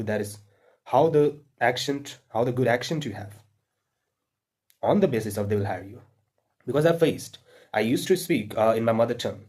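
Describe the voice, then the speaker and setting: Husky Indian man giving earnest advice. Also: lowish voice, a little mellow. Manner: earnest, repetitive, frequent fillers and restarts. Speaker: English learning vlogger. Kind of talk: casual spoken advice to learners.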